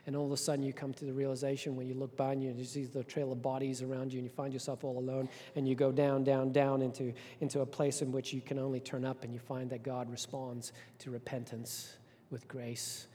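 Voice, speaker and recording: A man preaching a sermon as pastor, passionate, swinging between hushed and loud, often repeating words. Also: medium pitch, completely flat delivery, fairly quick, few pauses, slightly rough. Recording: long hall reverb.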